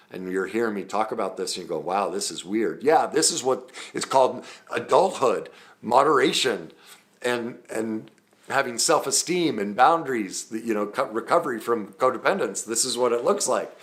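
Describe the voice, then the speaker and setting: A man's voice: mid-range voice, animated, normal speed, fairly bright tone. A man, a trauma recovery coach, teaching through personal stories in an earnest, conversational way with frequent ums and self-corrections.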